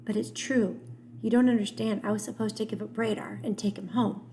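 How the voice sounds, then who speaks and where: A woman's voice: mid-range voice, steady tone, brisk, mellow, slight background noise, natural voice. Young boy, tearful, guilty, pleading, storybook voice, woman reading. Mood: distraught.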